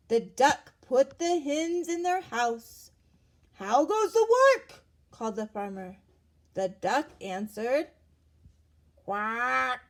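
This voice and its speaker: A woman reading a picture book aloud to children, pausing to ask them gentle questions. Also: fairly high pitch. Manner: gentle, asks the listener questions, gasps for effect.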